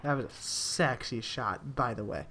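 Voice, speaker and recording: A man's voice: medium pitch, measured pace, sharp tone, slight background noise. A young man telling rambling work stories in casual commentary over a video game, with restarts and the odd swear. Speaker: gaming commentator.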